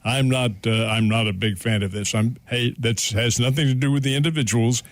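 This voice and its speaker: A man with a gravelly voice hosts sports talk radio in a measured, wry manner. His voice is recorded close and dry in the studio, with no room sound. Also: mid-range voice, fairly even intonation, no echo. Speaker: radio show host. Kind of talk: casual sports radio chat.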